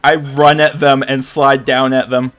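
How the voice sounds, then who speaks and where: Mid-pitched man narrating his character. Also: level tone, unhurried, fairly bright tone, soft background music. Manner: hesitant, restarting mid-sentence. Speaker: player. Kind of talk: describing his character's actions in a tabletop game.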